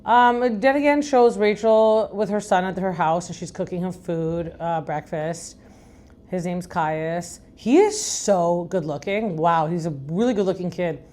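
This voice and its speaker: Middle-aged woman from Iran, deep and raspy, frank chatty podcast host who rambles. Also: measured pace, dark tone. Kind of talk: casual recap chat.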